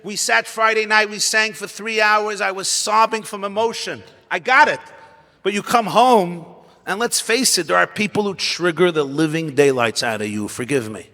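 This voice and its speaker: Animated rabbi in a reverberant ballroom. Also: male voice, sits high, moderate pace. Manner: animated, dramatic storytelling with sudden drops to near-whispers. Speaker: rabbi giving a talk. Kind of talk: storytelling sermon at a gathering. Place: large ballroom. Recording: long hall reverb.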